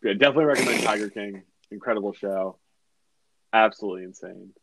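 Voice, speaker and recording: A man's voice: lowish voice, fast talker, background noise. A man from Massachusetts co-hosting a podcast, asking questions and chatting casually. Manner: asks questions, brief acknowledgements. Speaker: podcast co-host. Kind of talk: casual chat.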